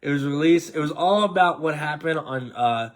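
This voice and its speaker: A man's voice: on the high side, normal speed. An American man hosting a casual sports chat, rambling and addressing his co-host with many fillers. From United States. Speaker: podcast host.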